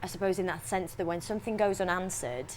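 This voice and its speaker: A young woman with a Yorkshire accent, chatting in an interview as an actress, talking freely with restarts and quick laughs. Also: fairly low pitch, slight background noise. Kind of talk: casual interview chat.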